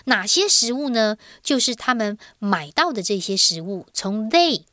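A woman teacher with a Taiwanese Mandarin accent walks through a grammar lesson at an easy pace. She speaks lively and clear, drawing out the ends of her sentences. The recording is dry and close. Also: fairly high pitch, normal speed, dry recording. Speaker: Chinese teacher.

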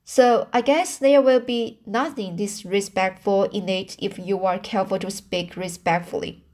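A woman reading aloud and voicing a stern, plain-spoken older woman in a firm, measured tone close to her own voice. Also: medium pitch, steady tone, a little mellow, close to an everyday voice. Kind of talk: amateur audiobook reading.

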